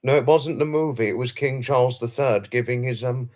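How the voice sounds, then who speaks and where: A man's voice: mid-range voice, a little fast, darkish tone. A British man hosting a live stream, chatting in a rambling way full of fillers and self-conscious laughs as he replies to viewers. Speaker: livestream host. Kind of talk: casual live chat reading viewer comments.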